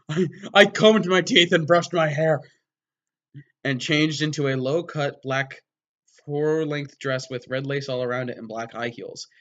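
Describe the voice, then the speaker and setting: A man giving a mock-dramatic reading of a story, breaking off for wry, deadpan sarcastic asides. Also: medium pitch, highs cut off. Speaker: comedic reader.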